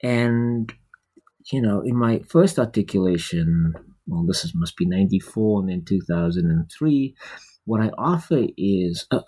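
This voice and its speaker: A man speaking as a scholar in an unhurried academic talk, discursive and hesitant, with many fillers and restarts. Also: low voice, animated, warm tone, slightly rough, poor audio.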